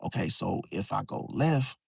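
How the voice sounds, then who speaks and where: With a lowish, expressive voice that's a little slow, creaky, and slightly rough, a man hosts an astrology live stream outside by a parking area, recorded with no echo. He talks loosely and repetitively, often saying "see?" and "bro," sometimes whispering.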